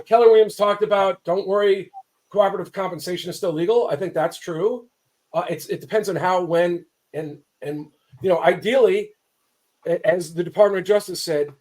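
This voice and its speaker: A man's voice: high voice, a little mellow. A man, a real estate attorney, giving fired-up, emphatic commentary and often restarting his sentences. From Southern California. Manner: fired-up, emphatic, self-interrupting. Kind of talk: impassioned commentary.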